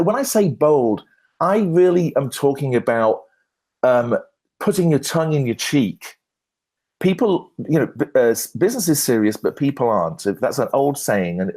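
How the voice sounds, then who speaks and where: On a conference stage, a man with a voice on the high side appears as a guest branding expert in a Q&A. He tells lively anecdotes full of self-deprecating humor and keeps restarting his sentences.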